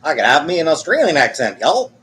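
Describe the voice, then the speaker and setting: A man's voice: on the high side, sing-song, fast, a bit bright. A man putting on an exaggerated, self-mocking mock-Australian bloke voice as a joke. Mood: playful.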